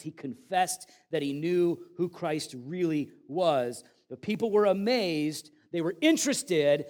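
Animated high-voiced man preaching. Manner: animated, conversational preaching with dramatic Bible readings. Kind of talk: sermon.

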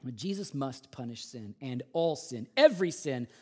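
A man preaching a sermon as pastor, earnest and conversational, swinging between soft and loud. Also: mid-range voice, expressive, normal speed, slightly rough.

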